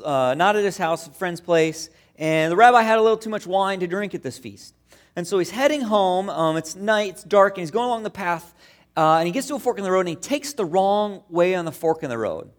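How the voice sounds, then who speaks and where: A man preaching a sermon as pastor, conversational and telling stories. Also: a little high. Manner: conversational, storytelling with acted-out quotes.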